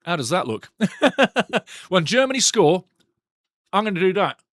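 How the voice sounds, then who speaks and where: A man's voice: high-pitched, very animated, moderate pace, a bit bright, dry recording, studio quality. A man hosting a live football watchalong, chatting with viewers, reading their comments aloud and giving blunt, outspoken opinions while repeating himself often. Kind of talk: live stream chat and football talk. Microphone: desk microphone.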